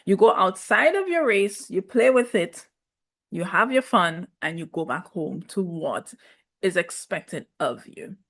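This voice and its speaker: A woman reviewing a reality show in casual commentary, sassy and animated, laughing often. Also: on the low side, measured pace.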